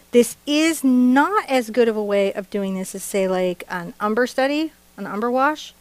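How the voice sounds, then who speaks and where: A middle-aged woman teaching a live painting lesson, chatty and playful, joking and laughing between her steps. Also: mid-range voice. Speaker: art instructor. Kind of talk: live-streamed painting tutorial.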